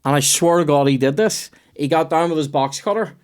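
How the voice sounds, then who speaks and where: A young man, hosting a comedy podcast and telling a story in a profane, animated way. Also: on the high side, fairly quick. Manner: profane, animated, puts on voices in quoted dialogue.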